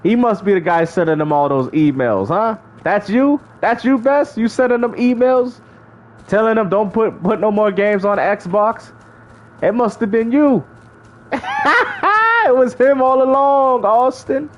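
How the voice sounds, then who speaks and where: A man's voice: sits high, measured pace, a little mellow, lo-fi sound. A man streaming live, casually bantering and mocking rival gamers, laughing often as he talks. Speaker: gaming streamer.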